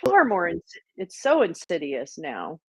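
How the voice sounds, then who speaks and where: A woman hosting a livestream, talking in blunt, profane casual chat and telling stories with animated energy. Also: on the low side, measured pace, slightly rough, no room sound. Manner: blunt, sweary, animated storytelling. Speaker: livestream host. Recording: muffled lo-fi audio.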